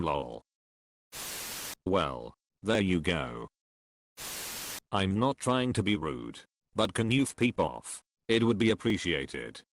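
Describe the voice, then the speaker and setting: A man reading online comments aloud in a slow, dry delivery. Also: sits low, a little hiss or hum.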